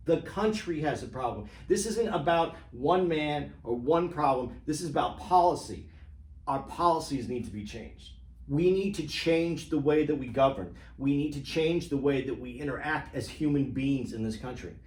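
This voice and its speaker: A man co-hosting a podcast, pushing back hard in a political argument with emphatic restarts. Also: on the high side. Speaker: podcast co-host. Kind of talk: heated political debate chat. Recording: roomy echo.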